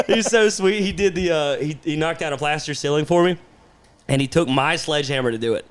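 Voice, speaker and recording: A young man with a somewhat high voice talks in loose, profane podcast banter. He tells stories in quick bursts and keeps breaking into laughter. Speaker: podcast host. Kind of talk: casual chat.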